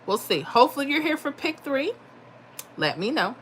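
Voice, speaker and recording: A middle-aged woman talks casually on a home livestream. Her voice sits a little high, and she chats freely and answers viewers as she goes. A faint hiss of background noise runs under her voice. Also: big pitch swings, moderate pace, fairly bright tone. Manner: chatty, reads viewer comments aloud. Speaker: livestream host giving lottery picks. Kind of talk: casual live chat.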